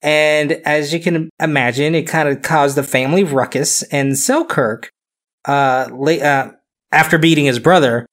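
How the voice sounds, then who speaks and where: A man's voice: fairly high pitch, steady tone, a little slow, fairly bright tone. A man hosting a casual podcast, telling a history story loosely, with frequent fillers and chuckles.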